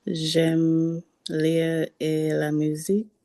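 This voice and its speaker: A woman from Jamaica, haltingly practicing a self-introduction as a student in a language class. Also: low-pitched, completely flat delivery, dark tone, dry recording. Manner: halting, with hesitation sounds.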